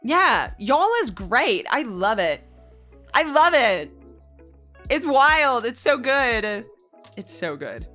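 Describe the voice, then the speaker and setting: A woman's voice: fairly high pitch, very animated, takes it slowly, bright, forceful tone, faint music behind. A young Australian woman streaming, chatting casually and giggly with her viewers. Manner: bubbly, giggly, chats with viewers. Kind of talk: casual livestream chat.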